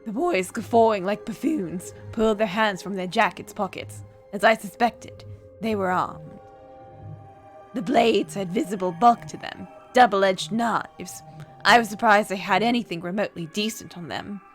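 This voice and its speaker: A woman reading a cold, calm young man who craves violence, in an even, measured voice while reading a game aloud. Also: medium pitch, faint music behind, natural voice.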